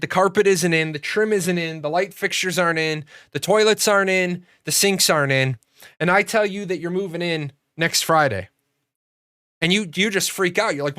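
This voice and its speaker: A man's voice: high voice, sharp tone, smooth, no room sound, clean studio sound. A man hosting a gaming channel, talking casually and at length, swearing freely and acting out bits of dialogue as he tells a story. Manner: profane, rambling, acts out dialogue in storytelling. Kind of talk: casual commentary monologue.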